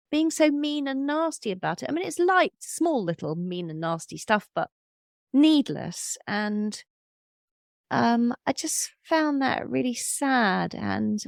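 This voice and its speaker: Gravelly reflective woman in her fifties. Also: mid-range voice, dry recording, studio quality. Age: 50s. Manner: candid, storytelling, thoughtful with soft laughs. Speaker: podcast host and medium. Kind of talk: reflective interview conversation.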